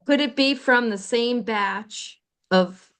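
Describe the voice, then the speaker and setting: A woman's voice: on the high side, slow pace, fairly bright tone, smooth. A woman co-hosting a podcast in casual chat, talking hesitantly with many ums and restarts. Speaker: podcast co-host.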